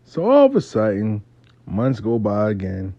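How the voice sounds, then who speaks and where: A man's voice: lowish voice, wildly swooping pitch, measured pace, warm tone, no echo, lo-fi sound. A man telling a story in a casual, profane, streetwise way, speaking as host.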